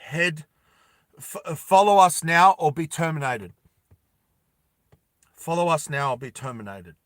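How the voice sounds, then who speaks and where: A man voicing a cold robotic police drone that gives slow, flat commands. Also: on the high side, no echo. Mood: commanding.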